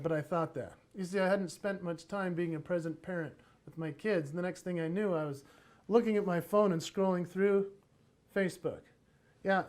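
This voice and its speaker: High-voiced man giving a lively parenting talk. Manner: animated, acts out voices in his stories. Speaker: parenting conference speaker. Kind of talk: motivational storytelling talk.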